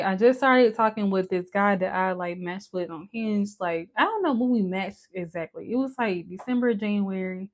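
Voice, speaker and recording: Chatty young woman doing her makeup. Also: medium pitch. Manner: chatty, candid, swears casually, many "like" fillers. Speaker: vlogger. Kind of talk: casual chat while doing makeup.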